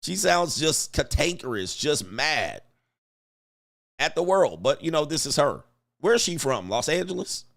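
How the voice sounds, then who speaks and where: Blunt, mocking man with lively pitch. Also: measured pace, creaky. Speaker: commentary host. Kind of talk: livestream reaction commentary.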